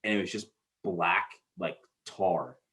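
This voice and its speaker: A man's voice: low-pitched, steady tone, slow pace, a bit bright. A man in his thirties co-hosting a podcast, telling loose, rambling stories with plenty of swearing. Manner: rambling storyteller, swears freely, restarts sentences. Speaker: podcast co-host. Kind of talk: casual podcast chat.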